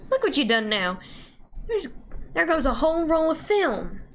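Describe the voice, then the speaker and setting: A woman voicing a loud, combative Southern woman photographer with a put-on drawl, reading game dialogue. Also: high-pitched, very animated, moderate pace, pitched above the performer's own voice. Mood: scolding. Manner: loud, scolding, folksy.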